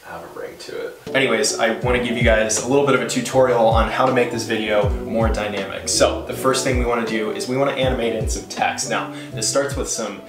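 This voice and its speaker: A man's voice: medium pitch, fast talker, hardly any pauses. Joking young man vlogging over music. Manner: joking, deadpan asides. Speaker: intern and video editor, vlog host. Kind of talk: comedic vlog and casual interview. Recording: roomy sound with loud background music.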